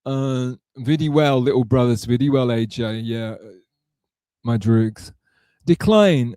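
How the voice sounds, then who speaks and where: A man's voice: mid-range voice, slow pace, mellow, smooth, no room sound. A man hosting a live stream, chatting casually and rambling as he answers messages from his chat aloud. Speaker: livestream host reading chat.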